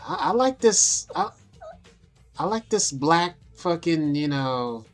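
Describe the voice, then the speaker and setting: Young woman, casual vlog, profane, self-amused, slow pace, faint music underneath. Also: on the low side, big pitch swings, gravelly. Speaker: vlogger. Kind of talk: casual vlog talk over photos.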